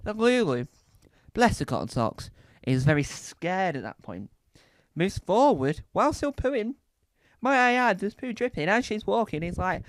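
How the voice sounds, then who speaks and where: A man telling a rambling, animated comedy story as a stand-up comedian. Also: sits high, measured pace, no echo. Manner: animated, rambling, acts out bits.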